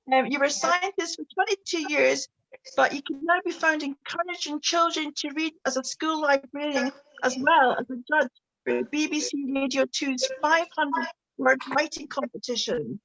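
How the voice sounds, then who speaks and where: A woman's voice: sits high, moderate pace, fairly bright tone, rough recording. A woman hosting an online book launch on a video call, introducing each reader with chatty remarks and frequent ums.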